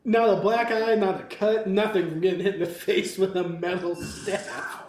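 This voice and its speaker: A man's voice: high-pitched, steady tone, moderate pace, reverberant, far from the mic. A man co-hosting a casual movie commentary, goofy and cracking crude jokes. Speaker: podcast co-host.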